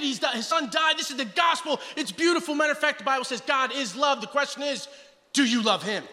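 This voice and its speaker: A man preaching a passionate guest sermon, swinging between loud exclamations and hushed, intense passages. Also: extremely high pitch, long reverb tail.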